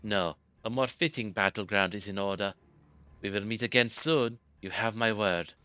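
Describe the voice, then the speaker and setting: A man's voice: on the low side, moderate pace, sharp tone, clean tone, dull audio. A man voicing a vain, grandstanding male villain who poses as a hero, in a put-on Indian accent and a pompous, grandiose manner. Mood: scheming.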